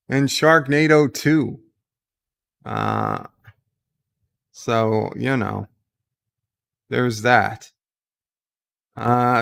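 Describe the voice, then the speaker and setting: A man hosts a casual livestream from home, slowly reading viewer comments aloud and riffing on them. His voice has a gravelly rasp at the bottom, yet it stays smooth and resonant. He takes his time and lets his jokes ramble. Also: medium pitch, a bit bright. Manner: reads viewer chat aloud and answers in a rambling, joking way. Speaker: livestream host.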